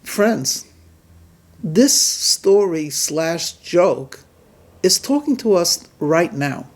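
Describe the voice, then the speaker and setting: A man giving a sermon as a rabbi, telling a story and drawing its lesson in a measured, deliberate way. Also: a little high, very animated. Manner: measured, deliberate delivery with emphatic pauses.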